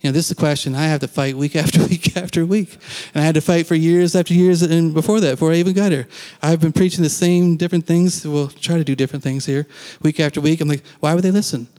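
A man's voice: on the high side, steady tone, fast talker, few pauses, warm tone, in a large hall. A man giving a casual, conversational sermon as a pastor, acting out quoted lines and laughing now and then.

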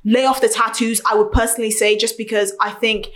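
A young woman talking in a casual chat, outspoken and animated, acting out what other people said. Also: on the high side, a little fast. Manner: outspoken, animated storyteller, acts out quotes.

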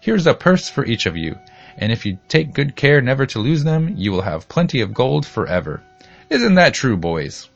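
A man plays a boastful talking pumpkin in a storybook, speaking with a grand, lordly air. His voice stays low and full, with soft music underneath. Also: very animated, normal speed, vocal fry, few pauses, lo-fi sound, exaggerated voice.

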